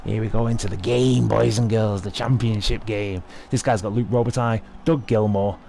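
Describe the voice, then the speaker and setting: A young man giving excitable, sweary live commentary over his own hockey video game match. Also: on the low side, normal speed, vocal fry, a little hiss or hum. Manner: sweary, excitable, talking at the screen. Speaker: gaming video host.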